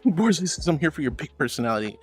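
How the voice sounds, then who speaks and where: A man's voice: on the high side, sing-song, fast. A man streaming as a VTuber, reading chat messages aloud and answering viewers affectionately, calling them sweetie and honey. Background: faint background music.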